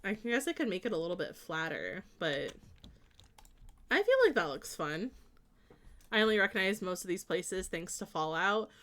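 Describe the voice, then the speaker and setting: A woman's voice: lowish voice, big pitch swings, moderate pace, pauses often, fairly bright tone. A young woman streamer chatting casually with her viewers while she plays, laughing often and reading their messages aloud. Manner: bubbly, giggly, reads chat aloud. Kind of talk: casual chat while playing a game.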